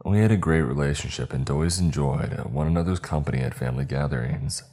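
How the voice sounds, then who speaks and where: A man narrating a story in a measured, somber way. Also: extremely low pitch, mellow. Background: faint music.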